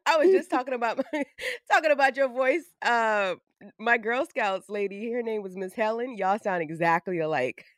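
A woman co-hosting a podcast in a hoarse morning voice, brash and profane, laughing often in casual chat. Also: fairly high pitch, normal speed, no echo, clean studio sound. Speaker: podcast co-host.

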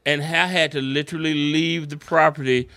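A man's voice: fairly high pitch, moderate pace, dry recording. A middle-aged man, a stand-up comedian, telling a wild story in casual chat, swearing and laughing as he goes. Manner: animated, profane, laughs through his stories.

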